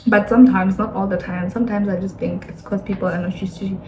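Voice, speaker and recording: Young botswana-accented woman vlogging, chatty and animated, echoey room with a bit of faint hum. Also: medium pitch, quick pace. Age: 20s. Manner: chatty, animated, acts out quoted people. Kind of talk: casual sit-down chat.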